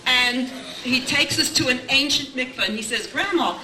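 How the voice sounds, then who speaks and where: Older woman, grandmother giving a chatty anecdotal celebration speech; slightly high voice, recorded from a distance in an echoey room with background noise. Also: normal speed. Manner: chatty storyteller, repeats "I says", many restarts.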